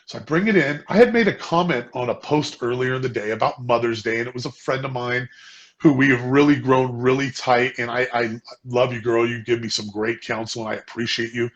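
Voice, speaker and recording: A man's voice: mid-range voice, a little fast, fairly bright tone, dull audio. A man co-hosting a casual business chat, telling a personal story in an earnest way and often repeating words. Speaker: co-host.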